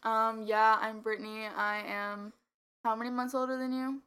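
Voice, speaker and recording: A woman's voice: on the high side, moderate pace, clean tone. An eighteen-year-old woman co-hosting a casual podcast, telling stories with lots of laughter and "like". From United States. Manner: giggly, animated storytelling with frequent "like". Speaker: podcast co-host. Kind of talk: casual chat.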